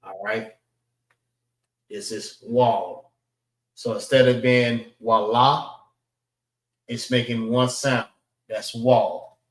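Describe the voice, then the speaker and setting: A man teaching a class, slowly sounding out letters and checking in with the group as he goes. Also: mid-range voice, far from the mic. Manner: slow and deliberate, sounding out letters, frequent "all right" checks. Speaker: class instructor. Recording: roomy echo.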